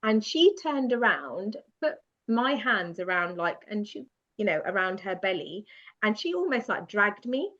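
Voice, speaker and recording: A woman guest telling a personal story in a lively, self-mocking way, often laughing as she goes. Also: medium pitch, unhurried. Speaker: podcast guest. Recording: dull lo-fi sound.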